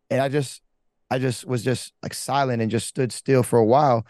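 A man's fairly even, slightly mellow mid-range voice moves at a moderate pace as he gives his candid testimony as a pastor. He rambles casually through his life story with slang, fillers, and restarts, in studio quality without room sound.

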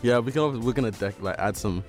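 A man's voice: mid-range voice, fast, a little mellow, faint music behind. A young man co-hosting a casual podcast in a small studio, talking in a rambling way with many restarts and fillers. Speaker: podcast co-host. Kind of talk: casual chat. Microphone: studio microphone.

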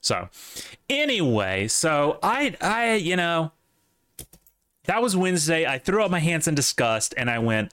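A man's voice: on the high side, sing-song, moderate pace, fairly bright tone, smooth, dry recording. A man with a light Southern accent, chatting casually on a podcast in a rambling, profane way. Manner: rambling, profane, lots of restarts. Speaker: podcast co-host.

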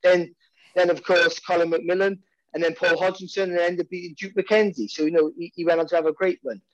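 A man's voice: high voice, steady tone, brisk, dry recording, muffled recording. Welsh man rambling about boxing. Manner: rambling, many restarts and repeated words. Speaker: boxing commentator and pundit. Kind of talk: casual podcast chat.

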